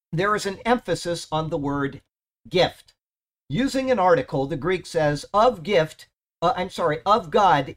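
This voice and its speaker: A man leads a Bible study in a slightly high voice. He reads commentary aloud and stops often to check that his listeners follow. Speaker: Bible teacher.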